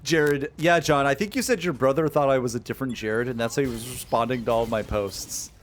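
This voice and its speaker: Easygoing male co-streamer from Alaska; jokey, coaches moves, mid-pitched. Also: a little fast. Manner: easygoing, joking, coaching his partner through moves. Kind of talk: casual gaming stream chat.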